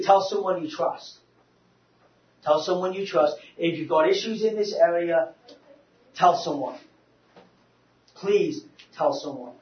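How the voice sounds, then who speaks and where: A man gives an animated church talk in a roomy hall, heard from across the room. His voice sits fairly high, and he tells stories with many restarts. The recording is dull and lo-fi. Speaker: speaker. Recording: roomy, distant, dull lo-fi sound.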